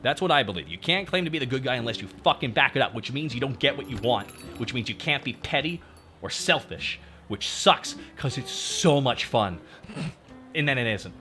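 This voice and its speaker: Male VTuber host, bright and animated delivery, fired-up profane rant to his chat. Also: medium pitch, normal speed, faint music behind. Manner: ranting, profane, talks straight to chat. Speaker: VTuber streamer. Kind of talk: casual livestream chat.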